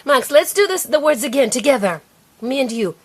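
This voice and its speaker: A young woman patiently teaching her small child to read, sounding out each word slowly and clearly. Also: high-pitched, animated. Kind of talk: reading lesson with a preschooler.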